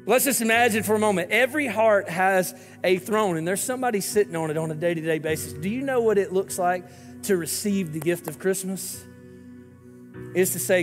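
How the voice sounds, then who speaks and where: A man's voice: high voice, fairly quick, in a large hall, faint music behind. A man, a lead pastor, giving an earnest, pleading sermon and prayer to viewers watching online.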